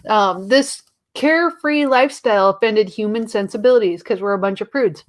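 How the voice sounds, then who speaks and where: A woman's voice: mid-range voice, normal speed, few pauses. A woman hosting a casual talk show as a librarian, chatty and jokey with giggly asides and lots of fillers. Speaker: host, librarian. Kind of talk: casual chat.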